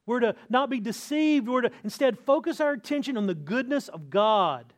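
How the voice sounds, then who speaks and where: Middle-aged guy pastor preaching, pretty high voice, slows way down to hit the big points. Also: expressive. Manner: earnest preaching, slows and lifts voice for emphasis. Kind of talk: sermon.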